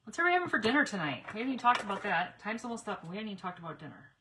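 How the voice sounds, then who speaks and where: Bright chatty woman crafting live. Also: medium pitch, sing-song, very fast, a little hiss or hum. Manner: chatty, talks while working, addresses viewers directly. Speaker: craft demonstrator on a live stream. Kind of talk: live crafting demo chat.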